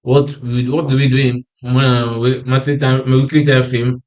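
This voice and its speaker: Man for a trading chart lesson, tired and yawning, mid pitch, keeps repeating phrases and asking himself "what?" before answering. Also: flat delivery, normal speed, a little mellow. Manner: repetitive, restarts phrases, asks himself "what?" then answers. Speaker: forex trading analyst. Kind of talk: screen-share chart walkthrough.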